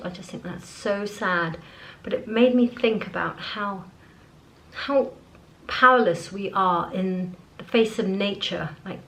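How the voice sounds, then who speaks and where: A woman's voice: mid-range voice, poor audio. A woman chatting to camera as a beauty vlogger, rambling on while she gets ready at home. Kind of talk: casual chat to camera. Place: at home, indoors.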